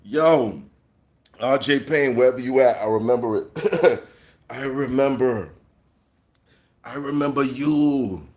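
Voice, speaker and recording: A man telling a mocking story in a loud, animated way, laughing often and shouting at times. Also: mid-range voice, takes it slowly, long pauses. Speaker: host. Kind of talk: casual storytelling rant.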